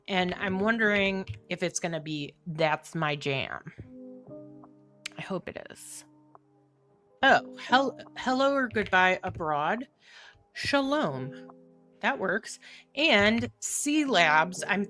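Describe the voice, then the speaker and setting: A middle-aged woman works through a crossword aloud at an unhurried pace. She muses, questions herself and laughs easily, over faint background music. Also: mid-range voice, bright, forceful tone. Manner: musing, self-questioning, quick to laugh. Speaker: crossword solver. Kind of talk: thinking aloud while solving a puzzle.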